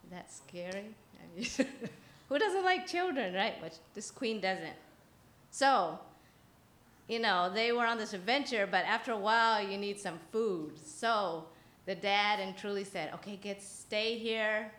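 Telling a story for the children's message at church, a woman fills it with chatty asides, frequent laughter and questions for her listeners. She speaks a little slowly in an expressive, mid-range, fairly bright voice, recorded in an echoey church hall with faint ambience.

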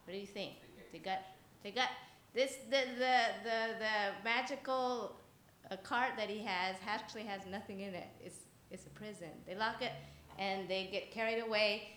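A woman tells a story during a children's sermon, chatty and quick to laugh, often asking her listeners questions. Her voice echoes through a church hall with a faint hum of ambience behind it. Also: medium pitch, bright, forceful tone. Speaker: speaker giving a children's message at church.

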